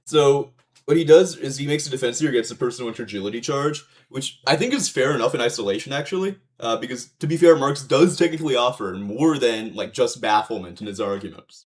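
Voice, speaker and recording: A man's voice: mid-range voice, animated, fairly quick. A man doing casual livestream commentary, reacting to a video, rambling and swearing with frequent fillers and restarts.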